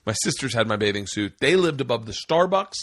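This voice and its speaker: A middle-aged man hosting a podcast in casual chat, telling stories with lots of swearing and loud acted-out quotes. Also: medium pitch, fast, dry recording. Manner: profane, animated storyteller, acts out quotes with sudden loud jumps. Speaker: podcast host.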